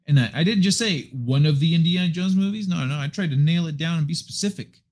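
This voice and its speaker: Fairly quick and on the high side with a darkish tone, this man's voice carries his livestream from the apartment living room. At his desk mic he rambles casually to viewers and swears a lot.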